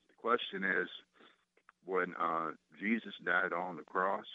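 A man calling in to a radio show, asking a question hesitantly with many pauses. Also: deep voice, fairly even intonation, gravelly, no room sound. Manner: hesitant, many fillers and restarts. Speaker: caller. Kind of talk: phone-in question. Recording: tinny phone line.

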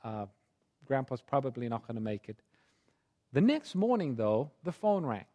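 A man preaching a sermon through a personal story, his delivery swinging from hushed tones to fervent pleading. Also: medium pitch, big pitch swings, normal speed, lo-fi sound.

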